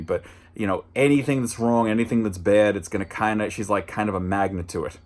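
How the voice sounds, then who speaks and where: Man, lowish voice, movie review host, casual, rambling, dry asides, restarts. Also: brisk, hardly any pauses. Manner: jumps higher and louder when mimicking lines.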